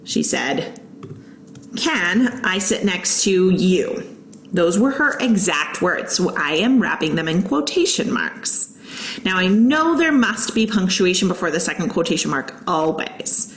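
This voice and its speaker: A woman's voice: lowish voice, sing-song, measured pace, echoey room, a little hiss or hum, poor audio. A woman teacher patiently walking young students through a writing lesson, explaining each step and reading example sentences aloud. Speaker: elementary school teacher. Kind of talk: recorded online lesson.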